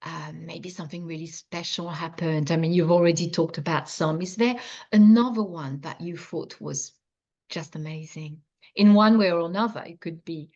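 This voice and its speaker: A woman interviewer asking enthusiastic, soft-spoken questions over a video call. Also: fairly low pitch, moderate pace, muffled recording.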